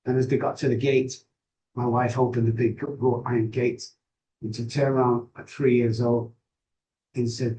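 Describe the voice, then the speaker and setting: A man's voice: mid-range voice, level tone, warm tone, poor audio. Candid middle-aged man. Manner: candid, halting, with frequent pauses and restarts. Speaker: guest, addiction recovery expert. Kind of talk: personal storytelling in an interview.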